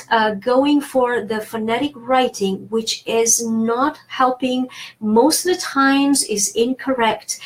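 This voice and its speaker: Brief: woman French teacher, French accent, slightly high voice, thinks aloud while explaining. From France. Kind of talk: pronunciation lesson.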